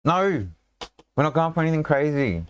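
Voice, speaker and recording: A man's voice: fairly high pitch, very animated, normal speed, clear, resonant tone. A man running a tabletop game as game master, in a rambling, casual way full of fillers and restarts.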